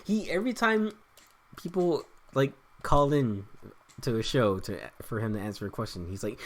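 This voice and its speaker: A man's voice: lowish voice, moderate pace. A man giving casual commentary while playing a video game, rambling, joking, swearing and laughing often. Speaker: let's play host.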